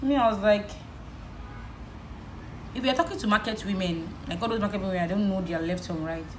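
A young Nigerian woman with a Nigerian accent, vlogging in a casual chat while she does her makeup, telling a story in an animated way. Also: medium pitch, brisk, reverberant, a little hiss or hum, low-quality recording. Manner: animated storytelling, switching between English and Yoruba.

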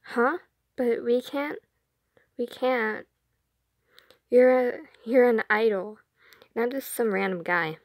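A woman's voice: fairly high pitch, slow, long pauses, dry recording. A woman voicing a nervous young male photographer who stammers over his words. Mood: stammering.

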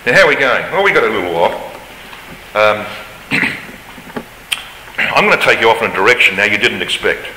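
His voice is on the low side and sing-song, pushed and bright, moving at normal speed with frequent pauses. The man delivers a forceful Bible study lecture in a big lecture hall, rising in pitch as he reads scripture aloud, captured with roomy reverb, faint ambience and slight background noise.

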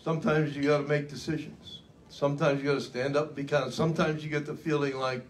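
An older man speaks at a luncheon, spinning a dramatic story with a folksy, self-mocking touch. His voice sits a bit high for a man. A faint hiss of room ambience runs underneath. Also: little pitch movement, fast talker. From United States. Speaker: keynote speaker. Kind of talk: storytelling speech. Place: luncheon event hall.

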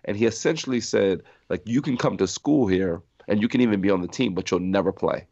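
A middle-aged man from New Jersey, a podcast guest telling stories in a lively way, acting out the people he quotes. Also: lowish voice, brisk, gravelly, no room sound. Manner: animated storyteller acting out quoted voices, laughing often. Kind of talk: storytelling in a podcast interview. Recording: dry muffled sound.

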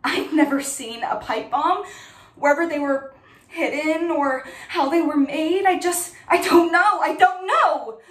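Woman as a high-voiced, halting, defensive mother under questioning; audition monologue, echoey room. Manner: tense, halting, repeats herself. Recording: echoey room, mic at a distance.

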